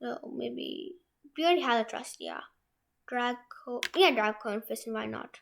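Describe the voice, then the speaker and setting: A young woman hosting a software tutorial from a room at home, talking it through in a rambling way with many restarts. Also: a little high, measured pace, vocal fry, slight background noise. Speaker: tutorial host. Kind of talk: screen-share software tutorial.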